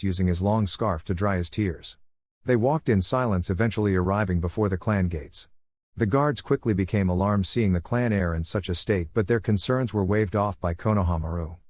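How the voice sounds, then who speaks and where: A man narrating fan fiction aloud in a steady, even reading. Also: fairly low pitch, dry recording, studio quality.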